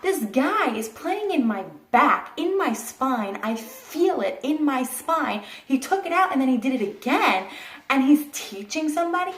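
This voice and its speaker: A young woman tells a personal story to her viewers in a blunt, animated way, acting out the quotes and swearing casually. She sits a bit back from the mic, and the room gives her voice a noticeable echo. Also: sits high, measured pace, far from the mic. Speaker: vlogger.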